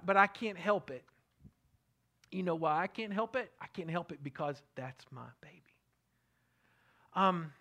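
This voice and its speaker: A middle-aged man preaching a sermon, earnest and repetitive, often dropping his voice to a soft hush. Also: on the high side. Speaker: pastor.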